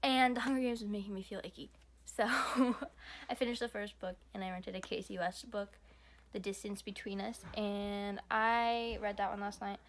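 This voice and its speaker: A woman's voice: medium pitch, fairly even intonation, normal speed. A young woman vlogging casually about books she is reading, chatty and giggly, rambling between thoughts. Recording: noisy phone recording.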